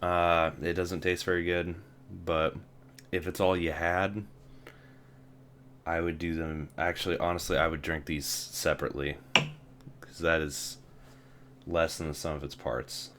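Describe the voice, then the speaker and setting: A man's voice: low voice, flat delivery, unhurried, pauses often, background noise. A young man hosting a casual vlog, wry and self-deprecating, often laughing at himself. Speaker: vlogger.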